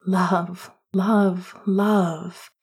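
A woman narrating a romance audiobook in a hushed, often half-whispered delivery. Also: on the low side, little pitch movement, extremely slow, breathy edge.

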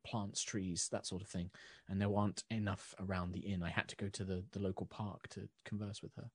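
A man's voice: medium pitch, normal speed, dry recording, close to an everyday voice. A man voicing a flustered young noblewoman who stammers apologies. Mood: apologetic.

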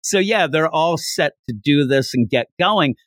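A man hosting a podcast, recapping a manga chapter in a jokey, animated way. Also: fairly high pitch, a little slow, dry recording, clean studio sound. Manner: animated, jokey, laughs while retelling. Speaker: podcast host.

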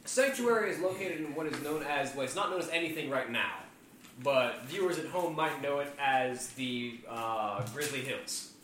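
A man running a tabletop game as game master, explaining the setting in a relaxed way. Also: on the high side, normal speed. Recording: echoey room, distant mic, faint noise.

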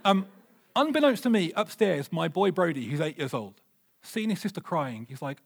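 Pastor, male, 30s, higher-pitched voice, lively and funny storyteller in the pulpit. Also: moderate pace, creaky, breathy edge. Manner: animated, humorous storytelling. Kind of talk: sermon.

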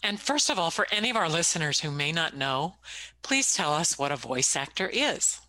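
Bright-voiced middle-aged woman host. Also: low voice, very animated, normal speed, low-quality recording. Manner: chatty, storytelling. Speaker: podcast co-host. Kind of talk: scripted intro and casual chat.

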